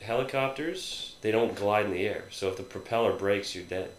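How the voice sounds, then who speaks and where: A man's voice: fairly low pitch, normal speed, roomy sound, rough recording. A man on a podcast with a cold, teasing the others bluntly and cursing often. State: has a cold. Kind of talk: casual crude banter.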